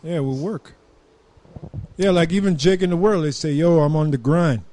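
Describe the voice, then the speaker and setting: Mellow-voiced man chiming in. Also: fairly high pitch, normal speed. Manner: brief agreeing replies and verse reading. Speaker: study participant.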